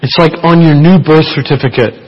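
A man's voice: a little high, fairly quick, husky, lo-fi sound. A man preaching a sermon in a church, chatty and playful, joking with the congregation. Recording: church hall reverb.

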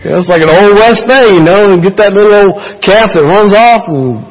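A man's voice: high-pitched, fairly quick. A man preaching a sermon in a church, chatty and playful, joking with the congregation. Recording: church hall reverb.

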